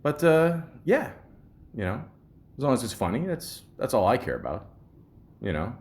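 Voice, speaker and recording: A man's voice: mid-range voice, very animated, moderate pace, a little mellow. A Canadian man hosting a podcast, telling stories in a rambling, casual monologue with many ums and restarts. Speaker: podcast host.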